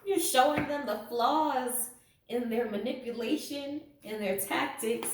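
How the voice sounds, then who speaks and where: A woman's voice: high voice, a little slow, slight background noise. A woman giving a casual tarot reading to camera, sarcastic and laughing often. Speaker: tarot reader. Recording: echoey room, mic at a distance.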